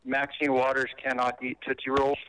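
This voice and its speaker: A man calling in to tell a short joke in a brisk, matter-of-fact way. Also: medium pitch, completely flat delivery, fairly bright tone, smooth, rough recording. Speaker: caller.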